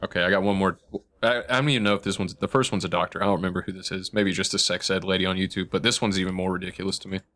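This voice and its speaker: A man's voice: sits low, steady tone, rapid-fire, fairly bright tone. A man co-hosting a podcast in casual chat, laid-back and wry. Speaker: podcast co-host.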